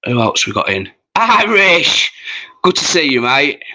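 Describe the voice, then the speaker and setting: A man's voice: mid-range voice, animated, fairly quick, sharp tone. A man, chatting casually and swearing freely while hosting a livestream. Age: 40s. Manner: rambling, sweary, chatty with viewers. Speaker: livestream host.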